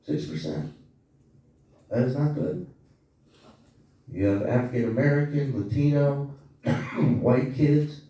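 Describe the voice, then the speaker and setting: A man doing a stand-up comedy set on a club stage, telling profane, animated stories with asides to the crowd. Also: mid-range voice, slow, long pauses. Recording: echoey club audio from far off. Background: small audience laughing.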